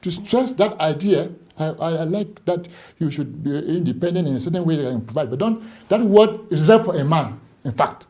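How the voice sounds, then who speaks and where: A man's voice: a little high, animated, a little fast, hardly any pauses, dark tone. A man, a Catholic priest talking on a live studio show, emphatic, repeating words and asking rhetorical questions. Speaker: Catholic priest and book author, studio guest.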